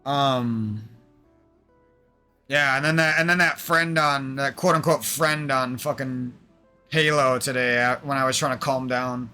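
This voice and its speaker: A man's voice: medium pitch, fairly even intonation, a little slow, bright, forceful tone, clean tone, soft background music. A young man streaming, venting in a rambling, aggrieved monologue full of swearing.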